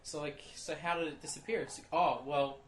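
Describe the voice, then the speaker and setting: Un joven australiano que cuenta anécdotas con energía en una charla informal de podcast, imitando a los empleados de una tienda. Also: male voice, fairly high pitch, fast. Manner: animated storytelling, acts out shop clerks in quotes. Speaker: podcast co-host. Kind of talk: casual chat. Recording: echoey room with faint noise.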